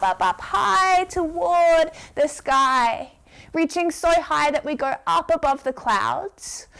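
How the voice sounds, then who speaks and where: A woman guiding children through a yoga story, playful and encouraging, asking them questions and drawing out her instructions. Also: high voice. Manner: slow, drawn-out instructions. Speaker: kids yoga teacher.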